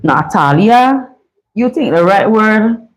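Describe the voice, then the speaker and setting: Slow-talking Vincentian woman chatting live. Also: medium pitch, expressive, rough recording. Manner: chatty and playful, laughing often. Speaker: live-stream host. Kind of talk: casual live chat with viewers.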